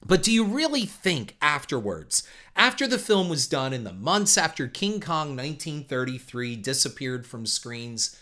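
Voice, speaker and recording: Animated, opinionated man ranting on a podcast. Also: moderate pace. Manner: opinionated and emphatic, with animated pitch swings; uses uh fillers and restarts, ranting. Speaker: podcast host. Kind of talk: solo podcast commentary.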